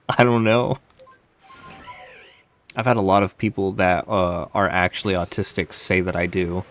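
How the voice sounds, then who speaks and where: Low-voiced man telling stories. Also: little pitch movement, a little slow, pauses often, a bit bright. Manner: rambling, swears freely, laughs at own stories. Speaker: streamer. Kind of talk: casual storytelling to live chat.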